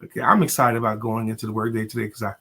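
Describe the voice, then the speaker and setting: A man's voice: on the low side, very fast, vocal fry. A man in his fifties co-hosting an online talk show, chatting casually with viewers and breaking into sung snippets. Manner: lively, drops into sung snippets. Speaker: co-host. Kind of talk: casual chat greeting viewers.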